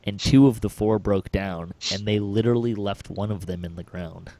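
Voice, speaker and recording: Low-voiced man telling a rambling story. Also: moderate pace, mellow, no echo. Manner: rambling, chuckling storyteller with many fillers. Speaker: podcast host. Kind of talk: casual chat.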